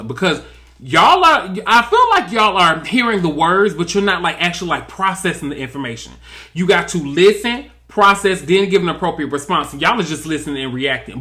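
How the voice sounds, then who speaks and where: A man's voice: a little high, bright, forceful tone. A man giving sassy, drawling comedic recap commentary on a reality TV episode. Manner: sassy, drawling, mimics cast members in quotes.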